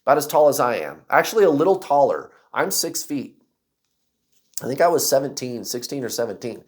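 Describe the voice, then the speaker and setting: A man casually telling a personal story to camera, acting out other people's voices and shouts. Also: medium pitch, very animated, fairly quick. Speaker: vlogger.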